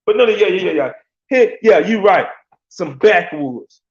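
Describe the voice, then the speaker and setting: A man rambles through a casual sports rant, full of slang and quick laughs. His voice is gravelly and sits slightly high. The recording is roomy and echoey, with a muffled, lo-fi tone. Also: expressive. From Alabama. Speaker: sports talk host. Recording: echoey room, dull lo-fi sound.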